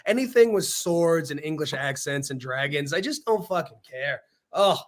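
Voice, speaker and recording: A man with a notably high speaking voice hosts a loose podcast conversation. He swears freely, laughs often and jumps between topics with animated energy. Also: moderate pace. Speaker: podcast host. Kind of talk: casual chat.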